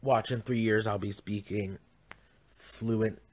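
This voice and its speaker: A man's voice: on the low side, fairly even intonation, takes it slowly, a little mellow. A young man hosting his own podcast from home, talking in a campy, rambling, chatty way full of asides. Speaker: podcast host. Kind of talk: casual chat. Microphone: podcast mic.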